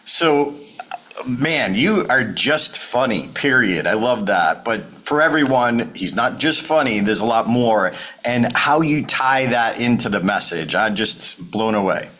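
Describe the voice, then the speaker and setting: Slow-talking male podcast host. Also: medium pitch, expressive. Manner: warmly complimenting the guest. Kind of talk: casual interview talk.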